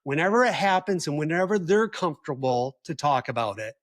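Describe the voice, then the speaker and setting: A man speaking earnestly and gently to other partners, repeating key words for emphasis as he gives advice. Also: fairly high pitch, animated, a little fast. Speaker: husband of a trauma survivor giving advice to partners. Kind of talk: earnest personal advice talk.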